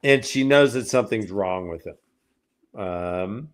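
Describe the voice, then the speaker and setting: Speaking slowly in a lowish voice, a man co-hosts a casual book discussion podcast, recapping a chapter in a rambling way full of fillers.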